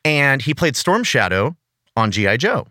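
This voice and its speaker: A man's voice: mid-range voice, very animated, a little slow, pushed and bright, no room sound, studio quality. A man co-hosting a casual podcast, enthusiastic and giggly as he talks through trivia. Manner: enthusiastic, giggly nerdy banter. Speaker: podcast co-host.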